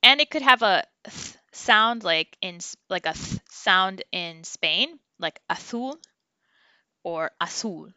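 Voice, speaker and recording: Woman language teacher, slow and clear, smooth bright voice, dry lo-fi recording. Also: mid-range voice, animated, dry recording. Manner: slow, clear drilling of syllables for learners to repeat. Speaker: Spanish teacher. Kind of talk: online language lesson.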